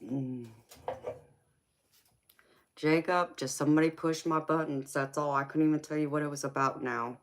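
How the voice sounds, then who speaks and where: A woman's voice: low-pitched, steady tone, normal speed, pauses often. Middle-aged woman, live-stream host, emphatic and passionate, affectionate to chat. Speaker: tarot reader and live streamer.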